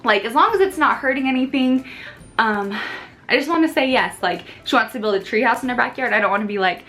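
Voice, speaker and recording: A woman's voice: a little high, animated, fast talker, a bit bright, a little hiss or hum. A woman in her twenties, a vlogging new mom, chatting casually to camera and saying "like" a lot. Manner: chatty, fills talk with "like".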